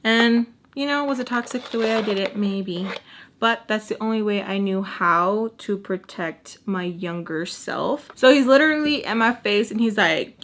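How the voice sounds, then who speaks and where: A woman's voice: a little high, normal speed, bright, forceful tone. A young woman telling a storytime, chatty and sassy, acting out what people said. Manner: chatty, sassy, acts out quotes. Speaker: storytime vlogger. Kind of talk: casual storytime.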